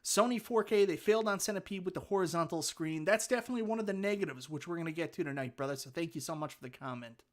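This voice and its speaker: A man with a Newfoundland accent hosts a casual live stream, reading viewer comments aloud and chatting between them. His voice sits a little high for a man, and he talks with rambling enthusiasm. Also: fast talker, hardly any pauses. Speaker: livestream host.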